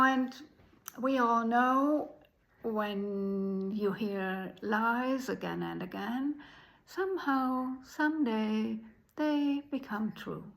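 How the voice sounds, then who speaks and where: A woman telling a folk tale in an unhurried way, pausing often. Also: mid-range voice, fairly bright tone, rough recording. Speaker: storyteller.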